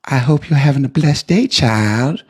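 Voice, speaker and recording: A man voicing a calm, devout elderly woman driver who calls everyone child. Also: medium pitch, a little slow, husky, pitched above the performer's own voice. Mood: serenely pious.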